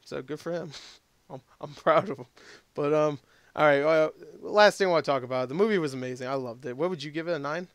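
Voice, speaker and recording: A man's voice: a little high, a little fast, clear, resonant tone, no room sound. A young man hosting a casual movie chat, profane and laughing often. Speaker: podcast host.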